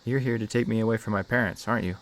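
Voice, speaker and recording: A man's voice: on the low side, fairly even intonation, very fast, pitched above the performer's own voice, close to an everyday voice. A man doing a nervous little girl of ten. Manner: soft, nervous.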